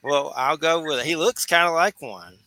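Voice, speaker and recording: A man's voice: on the high side, moderate pace, sharp tone. A man, hosting a radio talk show in a loose, rambling way with easy laughs. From Georgia, US. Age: 40s. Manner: loose and chatty, laughs easily, rambling asides.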